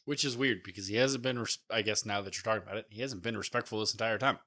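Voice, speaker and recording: A man's voice: fairly low pitch, quick pace, sharp tone. A man co-hosting a wrestling review podcast, chatting casually and chuckling along with his partner. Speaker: podcast co-host. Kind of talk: casual wrestling recap chat.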